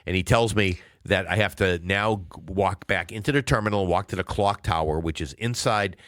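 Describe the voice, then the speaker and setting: Deep-voiced man telling a rambling story. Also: normal speed, fairly bright tone, no echo, clean studio sound. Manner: rambling, long-winded anecdote telling. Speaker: podcast co-host. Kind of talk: casual storytelling chat.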